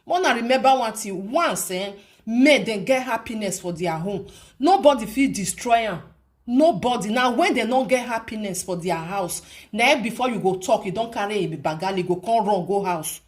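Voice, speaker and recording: A woman with a Nigerian accent gives her viewers casual vlog commentary, hammering her points, repeating them and throwing out rhetorical questions. Her voice is on the high side and animated, and she speaks at a normal speed.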